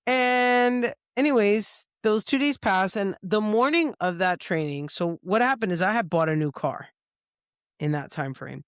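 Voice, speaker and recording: Woman podcast co-host, casual storyteller, cursing freely, mid pitch, dry studio sound. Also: measured pace, dry recording. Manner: profane, lively, acts out others' lines.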